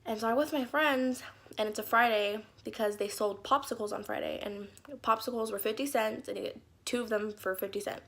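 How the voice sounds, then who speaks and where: A woman's voice: on the high side, steady tone, brisk, creaky, fairly bright tone. A young woman telling embarrassing stories from her childhood in a casual vlog, with lots of "like" fillers and acted-out quotes. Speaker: YouTuber. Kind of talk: story time vlog.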